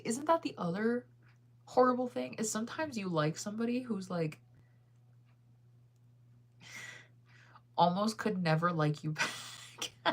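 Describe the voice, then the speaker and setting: A young woman chatting casually on a livestream, laughing often and reading viewer comments aloud. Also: on the low side.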